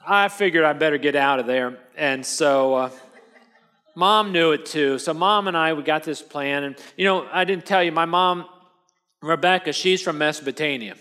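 A man with a somewhat high voice tells a first-person dramatic monologue as a sermon. He talks in a loose, conversational way and keeps checking in with the listener. His lines are full of restarts. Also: normal speed, sharp tone, smooth. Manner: conversational storytelling with tag questions and restarts.

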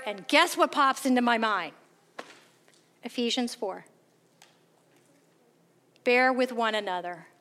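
High, bright-voiced woman telling a story. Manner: animated, acts out quoted voices; self-deprecating, candid. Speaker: speaker sharing faith testimony. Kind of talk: storytelling testimony talk.

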